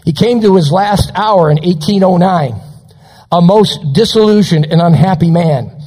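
A male pastor preaching a sermon, dramatic and slowing down for quotations. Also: sits high, expressive, warm tone, long reverb tail, poor audio. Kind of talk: recorded sermon on radio.

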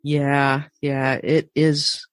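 A man's voice: mid-range voice, flat delivery, drawn-out words, fairly bright tone, smooth, no room sound, faint music behind. A man hosting a podcast interview, agreeing with his guest and asking short questions. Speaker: podcast host. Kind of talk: casual interview.

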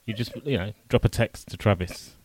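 A man's voice: fairly low pitch, a little fast, breathy edge. A man co-hosting a podcast, chatting casually with wry, joking asides. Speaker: podcast co-host. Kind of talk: casual chat.

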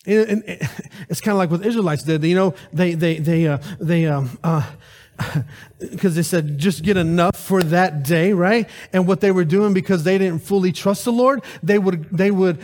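A man preaching a lively sermon at a church service, calling out to the congregation with rhetorical questions. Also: high voice, normal speed.

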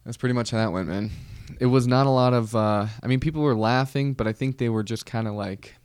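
A man hosting a comedy podcast, telling a rambling deadpan story with casual slang. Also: medium pitch, fairly quick, smooth, dry recording, clean studio sound. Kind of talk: comedic monologue.

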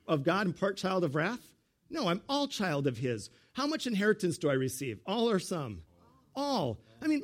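Male pastor, middle-aged, high tenor voice, animated sermon delivery with big swings. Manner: animated preaching, leaps high for emphasis, drops low for asides.

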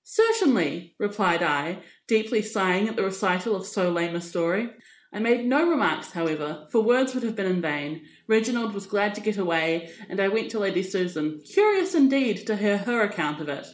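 A woman podcast host reading a classic novel aloud in measured, composed first-person narration. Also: medium pitch, lively intonation. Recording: echoey room.

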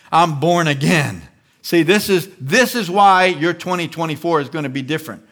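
A man preaching a sermon with animated delivery, often acting out the inner voices he describes. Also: high-pitched. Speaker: pastor.

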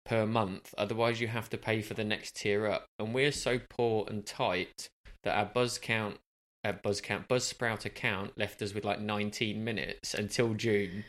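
A man's voice: fairly low pitch, level tone, a little slow, few pauses, a bit bright. A man co-hosting a casual podcast chat, teasing and jokey, rambling with plenty of fillers. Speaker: podcast co-host.

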